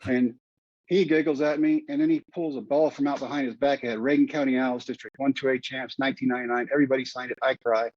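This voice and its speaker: A man's voice: mid-range voice, fairly even intonation, fast talker, hardly any pauses, a little mellow, dull audio. A middle-aged man, a podcast guest, telling his story earnestly and repeating phrases for emphasis.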